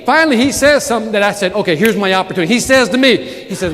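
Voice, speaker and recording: A man with a high, bright, forceful voice tells stories to a conference audience with big swings of energy and loud punchlines. His voice rings out in a large hall with long reverb, and faint crowd noise sits behind him. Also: very fast. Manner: energetic storytelling with sudden loud outbursts. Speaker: motivational keynote speaker. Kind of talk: live keynote speech.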